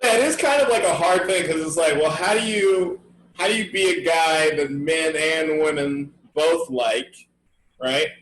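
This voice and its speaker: Young male comic co-host, high-ish, laughy, profane banter; roomy mic, faint hiss. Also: measured pace. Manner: laughs often, animated impressions, swears casually. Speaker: podcast co-host. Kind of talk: casual comedy chat.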